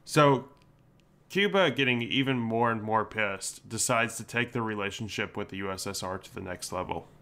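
A man's voice: fairly low pitch, normal speed, bright, forceful tone. A young man with a Southern accent, telling history in a rambling, casual way as a podcast co-host. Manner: rambling, laid-back storytelling with fillers.

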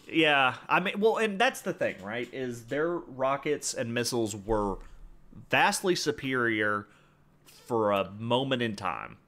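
Lively, bright-voiced man hosting a podcast. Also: mid-range voice, takes it slowly. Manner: explains with jokes and asides. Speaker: podcast host. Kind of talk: casual history podcast narration.

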